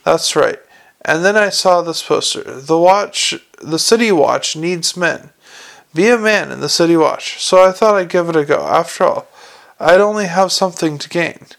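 A woman's voice: lowish voice, normal speed, creaky. A man voicing a guarded young woman officer, giving dry and wary replies in a storybook reading.

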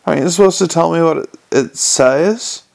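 A weary middle-aged watch commander answers in short, dry lines, as a man reads him. The voice is gravelly and sits slightly high for a man. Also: moderate pace. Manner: terse and dry.

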